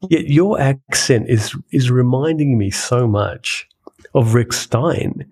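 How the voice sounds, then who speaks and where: Gravelly-voiced male interviewer. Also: mid-range voice, slow pace, a little mellow. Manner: curious, hesitant questioner. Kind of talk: conversational interview.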